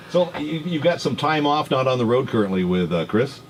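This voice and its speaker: A man runs a morning radio show from the studio, joking and teasing his way through a phone chat. His voice sits at an ordinary pitch, and a faint hum stays behind it. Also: very animated, measured pace. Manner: jokey, teasing, chatty. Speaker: radio host.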